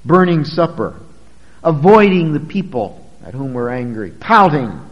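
A man's voice: on the high side, muffled recording. Earnest preacher man in a reverberant hall. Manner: earnest, emphatic, addresses the congregation directly. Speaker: pastor. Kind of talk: sermon.

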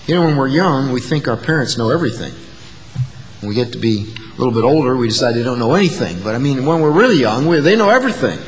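A man's voice: medium pitch, lively intonation, fast, long reverb tail, rough recording. A male pastor delivering an earnest sermon, building to emphatic peaks. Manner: earnest, rising to emphatic peaks, acting out quoted insults.

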